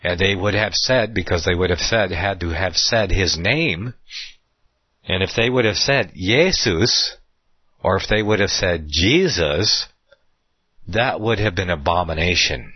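Deep husky man teaching the Bible. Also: unhurried, no echo, lo-fi sound. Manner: rambling, with many fillers and restarts. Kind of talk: unscripted Bible study talk.

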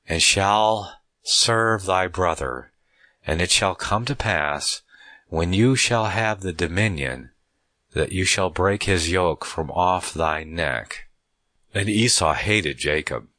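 A man with a very low, deep voice, slowly reading scripture aloud and pausing to explain it. He speaks deliberately and often circles back to restart a phrase. The sound is close and dry, with no room echo. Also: a bit bright. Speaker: Bible teacher.

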